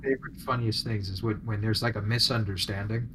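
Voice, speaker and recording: A man's voice: lowish voice, fairly even intonation, fairly quick, crowd noise, rough recording. A man, a podcast co-host, telling stories with dry self-deprecating humor in casual chat.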